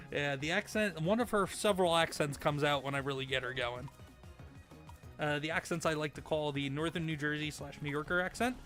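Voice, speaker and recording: Excitable male streamer, high and bright, cheering on teammates live. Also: normal speed, pauses often, soft background music. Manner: excitable, cheers on teammates, repeats words when flustered. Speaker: streamer host. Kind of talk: live gameplay commentary and chat reading.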